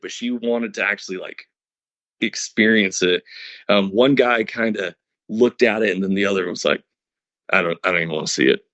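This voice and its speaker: A man with a low voice tells his story earnestly and in order, often restarting his sentences. His audio sounds a little muffled and lo-fi, and it is dry, with no room echo. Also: fairly bright tone. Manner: earnest, explains step by step with many restarts. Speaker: podcast guest, hunter. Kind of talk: casual storytelling interview.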